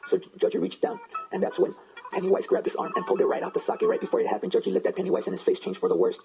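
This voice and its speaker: A man's voice: high-pitched, huge pitch swings, very fast, gravelly. A man casually retelling a horror story, rambling with fillers and side remarks. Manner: rambling, digressive, with many fillers and asides. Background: guitar music.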